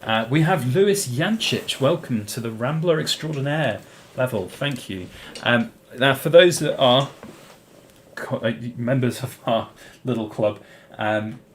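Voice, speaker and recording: Answering questions from his live-stream chat, a British host rambles through a casual Q&A, filling gaps with "um" and "uh" and often starting over. He speaks unhurriedly at medium pitch, with a little hiss or hum present.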